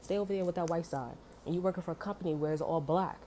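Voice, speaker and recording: A woman's voice: on the low side, fast, hardly any pauses, warm tone, a little hiss or hum. A woman telling a story in a casual, heated monologue, swearing often and filling her talk with "you know" and "like". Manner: heated, profane, many fillers.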